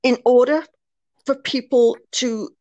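A woman's voice: on the high side, fairly even intonation, slow pace, darkish tone, no room sound, muffled recording. A British woman, a nurse and author, speaking frankly and earnestly in a podcast interview, with frequent fillers. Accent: British English. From Britain. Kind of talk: candid personal interview.

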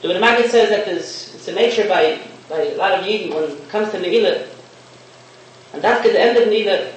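A man's voice: high voice, brisk. Man preaching from afar in an echoey room. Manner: storytelling, sprinkled with Hebrew and Yiddish terms. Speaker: rabbi giving a talk. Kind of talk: sermon with a parable. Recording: echoey room, distant mic, faint hiss.

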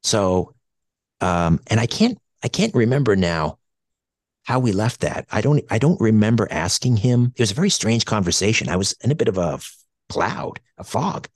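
Deep-voiced middle-aged Canadian man, reflective storyteller, halting delivery, dry close mic. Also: big pitch swings, a little mellow, breathy edge, no room sound. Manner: hesitant and reflective, many fillers and restarts. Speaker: radio show co-host. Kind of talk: personal storytelling.

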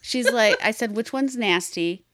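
A woman with an American accent co-hosting a podcast, telling stories in a bawdy, animated way with plenty of laughter. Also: on the high side, unhurried, no echo, clean studio sound. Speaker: podcast co-host. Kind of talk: casual chat.

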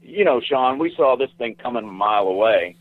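A man's voice: medium pitch, lively intonation, brisk, dry recording, phone-quality sound. A man, a guest, telling long rambling stories in a casual interview, often repeating himself.

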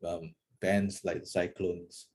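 A Singaporean man hosting a podcast, chatting casually with a halting, restarting delivery. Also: low-pitched, flat delivery, darkish tone, slight background noise. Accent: Singaporean English. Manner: halting, many restarts and laughs. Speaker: podcast host. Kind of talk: casual chat.

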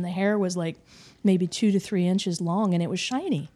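Mellow-voiced woman telling her story. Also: mid-range voice, unhurried. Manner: animated storyteller, frequent "like" and "um". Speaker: interview guest. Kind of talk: recounting a personal encounter.

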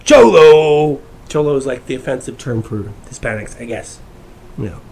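A man ranting on his channel in a brash, profane way, swinging from shouts to mutters. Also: mid-range voice, brisk, slight background noise. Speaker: YouTuber. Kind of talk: casual ranting monologue.

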